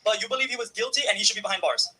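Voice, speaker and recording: A man's voice: sits high, racing, sharp tone, breathy edge. A man in a heated debate, persistently pushing back and interjecting.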